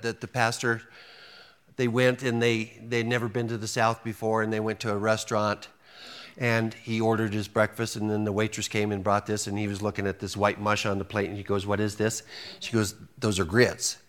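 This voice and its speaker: A man's voice: lowish voice, completely flat delivery, a little fast, a bit bright, clear, resonant tone. A man preaching a sermon to a congregation, folksy and joking, acting out quotes and often restarting his sentences. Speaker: pastor.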